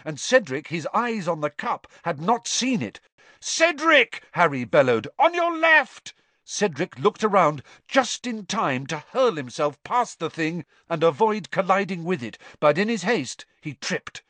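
A man narrating an audiobook in an expressive, dramatic reading that rises with the action. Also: a little high, dry recording.

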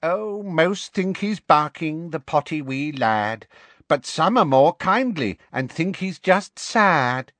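A man's voice: on the high side, expressive, takes it slowly, a bit bright, no room sound, pitched above the performer's own voice. A man voicing a mischievous, cackling poltergeist with a taunting, sing-song way of talking.

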